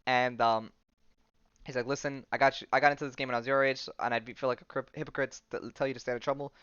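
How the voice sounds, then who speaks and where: A man's voice: mid-range voice, level tone, quick pace, fairly bright tone, clean tone, dry recording, highs cut off. A man hosting a podcast, casually recapping a comic storyline in a rambling way full of ums and likes. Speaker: podcast host.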